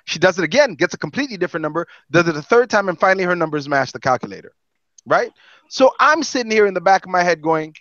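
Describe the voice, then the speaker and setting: A man on a podcast telling a story in casual, profane, animated talk. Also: sits high, fast, no echo, muffled recording. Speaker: podcast co-host.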